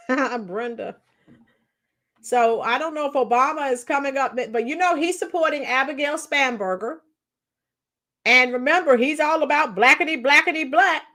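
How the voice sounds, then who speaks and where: A chatty woman with a high voice hosts a live stream and talks casually to her viewers. She greets them by nickname, reads their comments aloud and laughs often. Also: normal speed, pauses often, bright, forceful tone.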